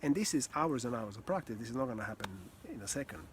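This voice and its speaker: A communication and voice coach gives a reflective teaching talk in a calm, earnest, mid-range voice. He speaks slowly with pauses, occasionally sighing or laughing softly, and a faint hiss sits behind him.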